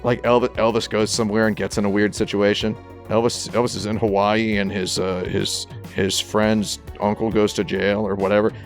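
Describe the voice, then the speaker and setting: A man's voice: on the low side, level tone, normal speed, soft background music. A man on a game podcast panel, talking in casual, rambling, jokey tangents. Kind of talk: casual chat.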